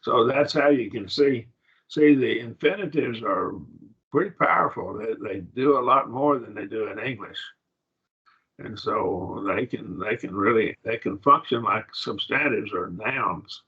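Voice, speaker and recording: A man's voice: mid-range voice, unhurried, breathy edge. A man teaching a classroom grammar lesson, patiently repeating words as he explains. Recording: dull lo-fi recording.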